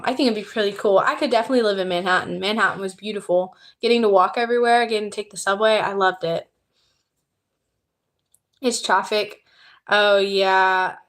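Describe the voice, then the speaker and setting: A woman's voice: medium pitch, fairly bright tone. Chatty Southern young woman streaming. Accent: Southern American. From Southern United States. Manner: chatty and upbeat, reading out viewer comments and thanking new subscribers. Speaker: YouTuber hosting a livestream. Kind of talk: casual livestream chat.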